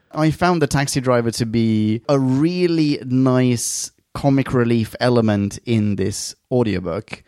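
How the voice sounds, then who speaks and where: A chatty English man with a middle-pitched voice, talking in long articulate sentences and poking fun at himself. The recording is dry and close to the mic, with no room around it. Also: unhurried, darkish tone, no echo. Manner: articulate, wordy, self-deprecating. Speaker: podcast co-host. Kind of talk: casual review chat.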